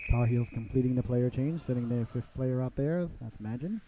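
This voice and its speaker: A man calling a live hockey game play by play. He is chatty and theatrical, often says "ladies and gentlemen", and breaks into excited calls on big plays. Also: normal speed, slight background noise. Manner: bursts into excited high calls on goals. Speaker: play-by-play announcer. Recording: dull lo-fi broadcast audio.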